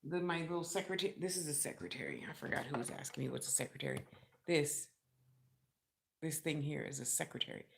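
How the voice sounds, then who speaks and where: Chatty storytelling woman, fairly low voice. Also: a little fast, gravelly. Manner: chatty, animated, acts out others' lines in a high squeal. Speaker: vlogger. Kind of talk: casual storytelling vlog.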